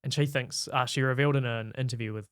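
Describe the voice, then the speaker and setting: A male podcast co-host at a middling pitch, recorded dry and close with no room around him. He keeps a wry, steady tone in casual chat and drives the talk with questions. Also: quick pace, smooth, dry recording. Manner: wry, steady, prompts the discussion.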